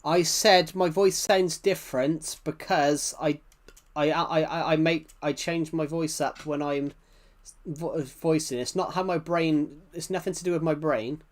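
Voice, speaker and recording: A man's voice: fairly high pitch, fairly even intonation, a little slow. A man with a British accent, chatting casually on a live game stream, rambling and answering chat messages with frequent restarts. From United Kingdom.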